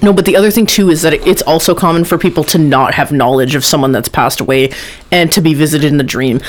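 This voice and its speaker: A man in casual podcast chat, asking questions and reacting in an animated way, swearing often. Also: on the high side, a little fast.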